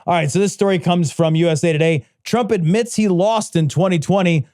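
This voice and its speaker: This is a man co-hosting a podcast, talking in a heated, profane way and laughing readily. His voice sits quite high for a man. The recording is dry and close to the mic. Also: a little fast, darkish tone, no echo. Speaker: podcast co-host. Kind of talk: casual political chat.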